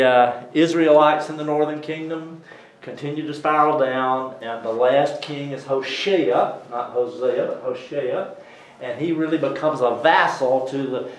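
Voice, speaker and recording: A man with a Southern US accent giving an informal Bible lesson, chatty, with many fillers and some throat clearing. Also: mid-range voice, reverberant, low-quality recording. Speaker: Bible teacher.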